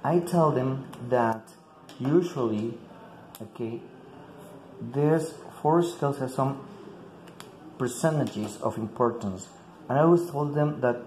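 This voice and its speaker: A male English teacher uses a mellow, dark, mid-range voice to lead fellow teachers through a classroom activity, one step at a time. He often says "like" and repeats words as he explains. Behind him is an echoey room with faint ambient noise.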